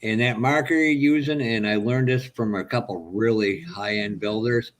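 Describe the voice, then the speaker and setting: A man's voice: fairly low pitch, normal speed. A man in casual chat, encouraging a younger hobbyist with practical advice in a mentoring way. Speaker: hobby stream participant giving advice.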